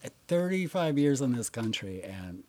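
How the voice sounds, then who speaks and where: A man's voice: mid-range voice, sing-song, moderate pace, mellow. An older man telling family stories in casual conversation, laughing often and using many fillers. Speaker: interviewee. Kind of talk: casual storytelling.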